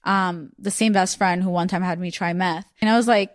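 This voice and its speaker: A young woman hosting a podcast, chatting casually and telling stories with lively acted-out quotes. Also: lowish voice, normal speed, no room sound, studio quality. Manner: animated storyteller, acts out voices in quotes. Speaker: podcast host. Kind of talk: casual chat.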